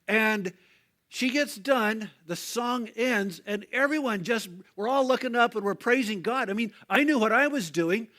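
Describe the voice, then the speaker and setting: A man's voice: extremely high pitch, moderate pace, hardly any pauses, a bit bright. An older man, a pastor, preaching a sermon as a conversational story, with frequent fillers and restarts.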